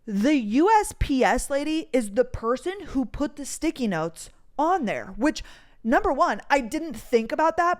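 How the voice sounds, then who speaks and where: Young woman, slightly high voice, casual storytelling rant, exasperated, profane, lots of "like", voice memo. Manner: exasperated, swears freely, heavy use of "like". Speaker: podcast host. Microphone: voice memo recording.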